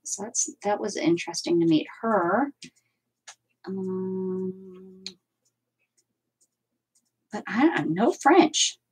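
A woman's voice: medium pitch, drawn-out words, pauses often, a little mellow, slightly rough, rough recording. A woman hosting a crafting livestream from home, chatting casually and rambling as she works and answers viewer comments. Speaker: crafting channel host. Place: at home with her cats.

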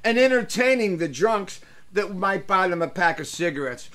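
An older man hosting a casual show, telling rambling stories and breaking into loud voices for the people in them. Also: sits high, normal speed. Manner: rambling, animated storyteller, swings into loud character voices. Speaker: host. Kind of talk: casual storytelling chat.

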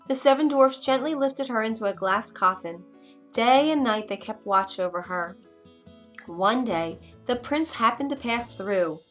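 Expressive woman storybook narrator. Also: a little high. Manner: expressive, dramatic pauses.

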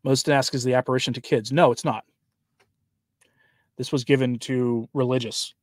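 A man reading a long message aloud in a solemn, emphatic way with grave pauses, then breaking off to add his own commentary as host. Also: medium pitch, steady tone, no echo, studio quality. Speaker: host of a traditionalist Catholic commentary channel.

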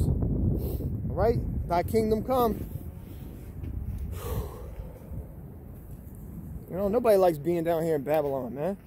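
A man's voice: high-pitched, slow, pauses often. A man reading scripture aloud and calling people out in a casual, confrontational rant. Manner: accusatory, calls people out, tags lines with "man" and "bro". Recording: noisy background with passing vehicles.

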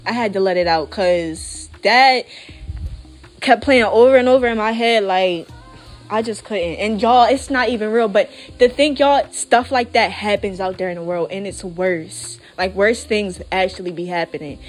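A woman's voice: mid-range voice, normal speed, soft background music. A young woman vlogger chatting casually to her viewers, full of fillers and asides. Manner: chatty, lots of fillers, addresses viewers as y'all. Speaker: nail art vlogger. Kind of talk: casual chat while working.

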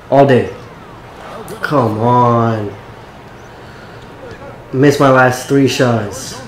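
A man talks through his own game in a loose, excitable way, swearing and calling for the ball. His voice sits at an ordinary middle pitch. The room around him adds a noticeable echo. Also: drawn-out words, pauses often, slight background noise. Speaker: gaming YouTuber. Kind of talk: casual gameplay commentary.

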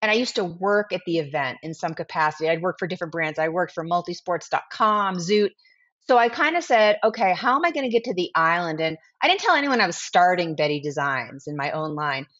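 Animated woman guest telling a story. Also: fairly low pitch, brisk, lo-fi sound. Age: 40s. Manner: animated, acts out quoted dialogue. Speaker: guest, brand founder. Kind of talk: casual storytelling interview.

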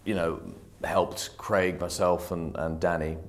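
A man with a deep voice reminisces in an interview. His talk is loose and rambling, filled with "you know.". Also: flat delivery, slow. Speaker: cast member being interviewed.

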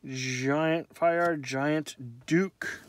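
Drawing out his words in a fairly high, fairly even voice, this card pack opener calls out each card he pulls. His commentary is laid-back and full of jokes about himself, over a faint hiss or hum.

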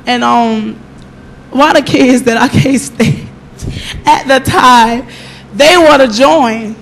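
High voiced woman sharing her testimony at church, chatty and animated, acts out what everyone said. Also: takes it slowly, slight background noise. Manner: animated storytelling, acting out her own and others' words. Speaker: church member giving testimony. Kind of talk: personal testimony at a church service.

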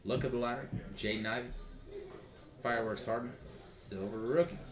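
A man's voice: medium pitch, fairly quick. A man hosting a live card break, rattling off card names and joking with others. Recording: echoey room with crowd noise.

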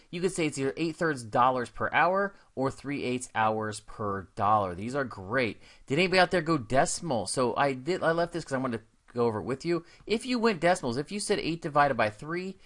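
A man's voice: mid-range voice, a bit bright. A man teaching a recorded math lesson in an upbeat, casual and encouraging way, with slangy asides.

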